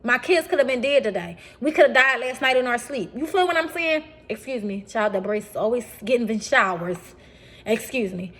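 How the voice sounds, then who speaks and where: Animated woman talking to viewers. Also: on the high side, fairly quick. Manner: animated, repeats phrases, addresses viewers as y'all. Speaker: vlogger. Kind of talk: casual talk to camera.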